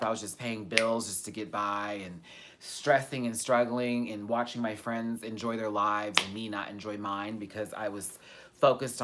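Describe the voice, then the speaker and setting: Guy doing a live q&a for his channel, super candid, swears a lot, goes loud then real quiet. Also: fairly low pitch, background noise. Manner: candid, expressive, swears freely; swings between loud animated bursts and soft, quiet asides. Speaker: YouTube host answering viewer questions. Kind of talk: casual live-stream Q&A chat.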